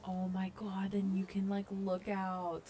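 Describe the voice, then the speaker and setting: A young woman casually commenting as she tours a video game island, gushing and gasping with excitement. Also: mid-range voice, unhurried. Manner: gushing, excited, lots of gasps and "oh my God". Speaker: gaming vlogger touring a fan-made island.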